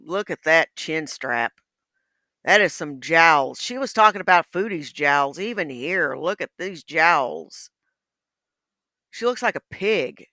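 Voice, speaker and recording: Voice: medium pitch, expressive, slow, pushed and bright, dry recording, studio quality. A blunt, scornful commentator reacting to a streamer's video.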